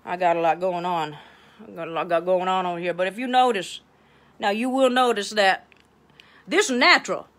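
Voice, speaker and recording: A woman's voice: lowish voice, steady tone, fairly quick, fairly bright tone, lightly acted. A woman playing a brassy middle-aged Southern advice-show host with a Louisiana accent, chatty and bossy, wandering off on tangents. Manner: chatty, bossy, tangents, keeps asking okay. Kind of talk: improv comedy livestream.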